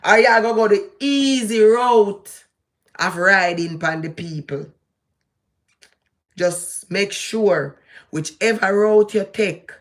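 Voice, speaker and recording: A vlogger with a Jamaican accent gives casual, preachy commentary, speaking emphatically and directly to the person she addresses. Her voice is mid-range and fairly bright.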